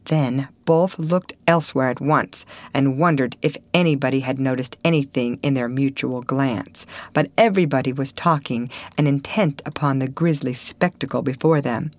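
A woman reading a classic novel aloud in measured, expressive audiobook narration. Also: very deep voice, no echo. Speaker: audiobook reader.

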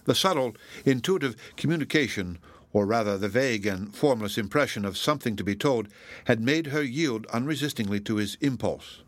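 Male audiobook narrator, mid pitch, measured reading, dry close mic. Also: dry recording. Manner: measured, even storytelling. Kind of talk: audiobook reading of classic fiction.

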